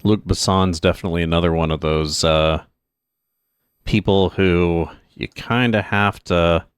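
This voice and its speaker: A man hosts a casual let's-play stream, chatting and rambling with plenty of fillers and asides, sounding a bit stuffy from allergies. His low voice is fairly even and unhurried, with a clean tone and studio-quality sound free of room noise.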